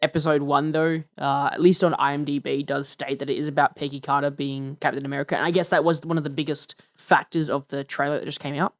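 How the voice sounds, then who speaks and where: A man's voice: fairly high pitch, flat delivery, fast, hardly any pauses. A man co-hosting a podcast in casual chat, enthusiastic and often repeating words as he goes. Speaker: podcast co-host.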